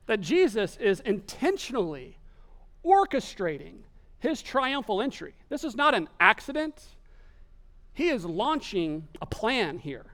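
High-voiced preacher, animated. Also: male voice. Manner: animated storytelling, voicing characters in quotes. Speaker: pastor. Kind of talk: sermon.

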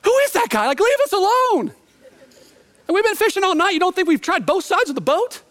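A man putting on a fed-up, shouting fisherman. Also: extremely high pitch, very animated, brisk, voice pushed up, heavily acted. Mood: exasperated. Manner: loud, incredulous complaining. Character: exasperated tired male fisherman disciple.

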